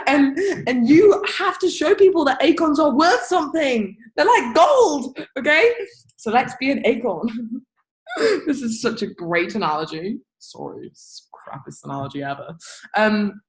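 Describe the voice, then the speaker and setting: Young woman, team leader on a video call, energetic and blunt, swears, loud bursts. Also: sits high, rough recording. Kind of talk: motivational rant to a team.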